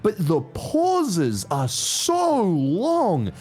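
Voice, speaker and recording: A man's voice: sits high, huge pitch swings, very slow, a little mellow, faint music behind. A man chatting casually as an interview guest, rambling with restarts, asides and swearing. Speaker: interview guest, YouTuber and voice actor. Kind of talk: casual chat.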